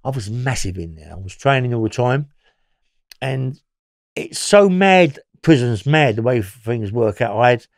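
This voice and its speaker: Animated man telling stories. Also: mid-range voice, dry recording, studio quality. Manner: rambling, animated, swears a lot, laughs while telling. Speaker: interview guest, former prisoner. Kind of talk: storytelling interview.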